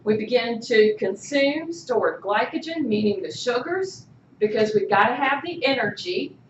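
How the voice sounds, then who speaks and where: A woman's voice: a little high, unhurried, slight background noise. A woman instructor giving a classroom lecture, asking her students questions and often checking in with "okay?". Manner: animated, keeps checking in with "okay?". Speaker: college instructor. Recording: echoey room, voice from far off, muffled.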